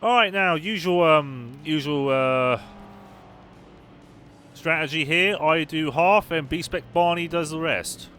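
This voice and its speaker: A man's voice: on the high side, takes it slowly, a bit bright, soft background music. A young man casually commenting on his racing game as he plays on a live stream, chatting and answering his viewers as he goes. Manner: chatty, reads and answers chat while playing. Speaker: gaming streamer.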